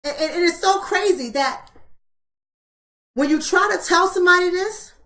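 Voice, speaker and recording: Blunt, preachy woman with a bright voice. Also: high-pitched. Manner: emphatic, preachy, blunt, repeating rhetorical questions. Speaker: book club host. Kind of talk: live-streamed book club talk.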